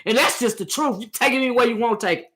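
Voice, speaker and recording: A woman giving impassioned opinion commentary, preachy and hollering at times, stumbling over her words and repeating phrases for emphasis, close on a loud microphone. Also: a little high, racing. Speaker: commentary channel host. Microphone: loud close desktop microphone.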